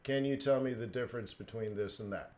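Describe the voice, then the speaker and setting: A man's voice: mid-range voice, brisk, a little mellow. Man, live stream host, casual rambling chat, lots of ums, chuckles now and then. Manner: rambling, filler-heavy, chuckling asides. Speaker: forex trading live streamer.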